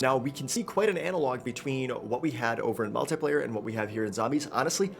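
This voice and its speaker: An upbeat young man talks viewers through game challenges in a chatty, step-by-step way. His voice sits at a middle pitch. Faint background music plays under him. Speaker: gaming YouTuber. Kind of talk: casual game walkthrough talk.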